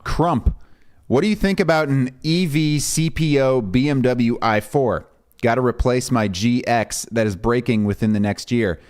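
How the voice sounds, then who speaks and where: A man's voice: mid-range voice, normal speed. A man co-hosting a livestream, reading viewer messages aloud with joking asides. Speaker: co-host reading chat. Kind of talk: casual livestream chat.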